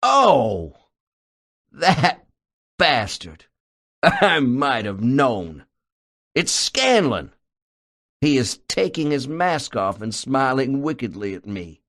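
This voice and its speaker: A man voicing a terrified evangelical preacher who cries out in a shrill, shouting voice. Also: sing-song, slow, long pauses, full character voice. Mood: relieved. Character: terrified male evangelical preacher, fiery, shaken, stubborn.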